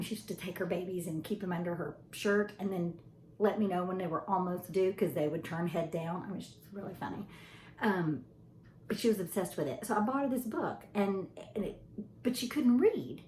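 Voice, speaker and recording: A woman in her forties, a vlogger and mother, chats casually to camera, rambling and laughing through a story about her kids. Her fairly low, darkish voice is animated and fairly quick, recorded in an echoey room with faint noise.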